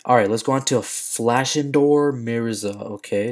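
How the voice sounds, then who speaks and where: A young man talking casually to his livestream viewers. He speaks in loose slang and swings into excited shouts while he plays. His voice sits in an ordinary middle pitch. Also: moderate pace, hardly any pauses. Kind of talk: casual gaming livestream chat.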